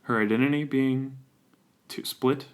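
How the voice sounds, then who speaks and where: A man's voice: mid-range voice, steady tone, a little slow, clean tone. A man co-hosting a comedy podcast, rambling and joking in casual chat. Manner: rambling, joking, laughs often. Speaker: podcast co-host.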